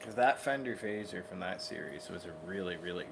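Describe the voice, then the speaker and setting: A man's voice: low voice, expressive, fairly quick, creaky, heavy background noise. A man co-hosting a guitar livestream, chiming in with laid-back remarks from off the mic. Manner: laid-back, brief interjections. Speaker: co-host of a livestream guitar show. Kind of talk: casual livestream chat.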